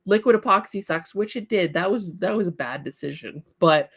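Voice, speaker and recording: A woman's voice: lowish voice, lively intonation, normal speed, slightly rough. Chatty woman hosting an art livestream. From part English heritage. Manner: chatty, encouraging, laughs often. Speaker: livestream host, artist. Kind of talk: casual livestream chat, reading viewer comments.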